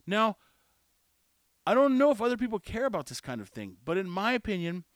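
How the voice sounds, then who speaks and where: A man's voice: sits high, dry recording, studio quality. A man delivering an opinionated monologue, ranting and often cutting himself off. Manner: animated, ranting, self-interrupting. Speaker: podcast host.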